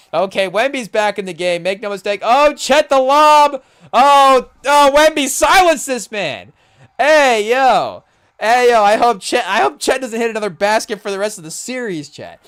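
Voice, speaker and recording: A man hosting a podcast, reacting excitedly and rambling through casual live commentary on a game, with lots of "hey, yo" interjections. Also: sits high. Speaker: podcast host.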